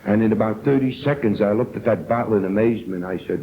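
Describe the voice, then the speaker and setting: Older man, New York accent, earnest recovery-meeting story, low voice, tinny tape sound. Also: fast, hardly any pauses, slight background noise. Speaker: AA speaker. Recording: tinny old tape recording.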